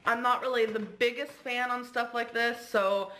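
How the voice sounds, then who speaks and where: Woman vlogger, casual talk to camera, giggly, slightly high, bright tone. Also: normal speed, poor audio. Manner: chatty, excitable, giggly.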